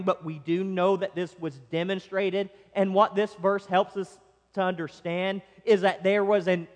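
A man preaching a sermon, reading scripture aloud and breaking off for conversational, wry asides and acted-out quotes. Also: high voice. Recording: long hall reverb.

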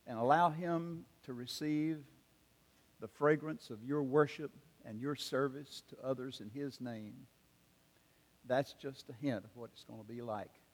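An older man preaches with earnest, measured pacing and frequent pauses. His mid-pitched voice carries a long reverb from a large hall. He tells stories in the slow, deliberate cadence of a pastor. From South Carolina. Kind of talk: sermon with storytelling.

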